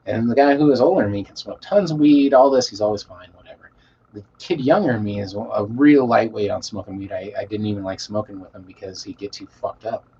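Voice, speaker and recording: A man telling a rambling story to a live chat, swearing a lot and trailing off into quiet mumbles. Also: on the low side, fairly quick. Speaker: streamer reading chat. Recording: dull lo-fi mic with faint hiss.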